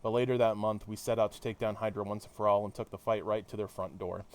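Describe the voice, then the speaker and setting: Steadfast war-hero narrator, earnest and even, lowish voice, read by a man. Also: quick pace, lightly acted. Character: steadfast male soldier hero recounting a mission.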